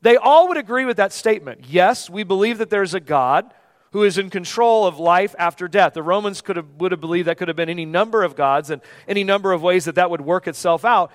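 A man in his forties preaching a sermon in a church, conversational and emphatic, dropping to a hush at times. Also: sits high, in a large hall. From United States. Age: 40s. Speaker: pastor. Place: church sanctuary.

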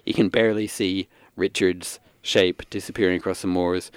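A man narrating as game master in a studio, with a brisk, deadpan, amused delivery. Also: low voice, clean tone. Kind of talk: improvised tabletop game narration.

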